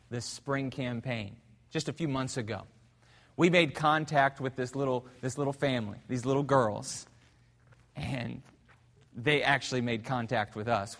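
A man preaching a sermon as pastor in a church, telling a story fervently, swinging between loud and hushed. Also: medium pitch, long reverb tail. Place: church sanctuary.

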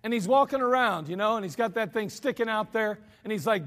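Man, pastor, earnest sermon with jokes, high-pitched, long church reverb. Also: lively intonation, fairly quick, hardly any pauses, fairly bright tone. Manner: earnest, conversational preaching with humorous asides. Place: church sanctuary. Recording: archived church service with long hall reverb.

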